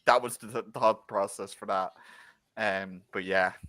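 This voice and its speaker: An Irish man co-hosting a casual show review, talking in animated, rambling bursts full of restarts. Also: fairly low pitch, measured pace, no echo. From Ireland. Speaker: co-host.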